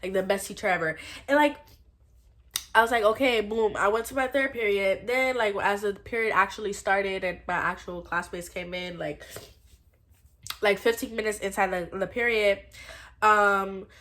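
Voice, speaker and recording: A young adult woman telling a personal story in a blunt, profane, animated storytime way. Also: medium pitch, normal speed. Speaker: storytime vlogger. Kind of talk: casual storytime.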